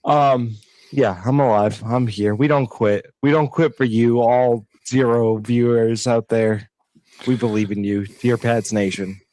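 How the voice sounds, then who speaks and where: A man's voice: mid-range voice, steady tone, measured pace, darkish tone, dry recording. A man co-hosting a sports podcast, talking in a laid-back, agreeable and dry way. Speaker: podcast co-host. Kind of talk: casual chat.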